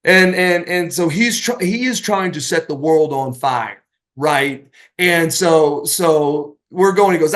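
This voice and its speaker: Animated man telling wrestling stories. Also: a little high, unhurried. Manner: animated anecdotes, acting out quoted voices, many restarts. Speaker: podcast guest, retired wrestler. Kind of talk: casual storytelling.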